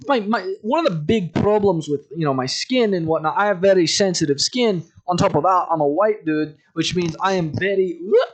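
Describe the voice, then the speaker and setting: A young adult man hosting his own podcast, telling a long rambling story in a casual, profane, self-amused way. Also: a little high. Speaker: podcast host.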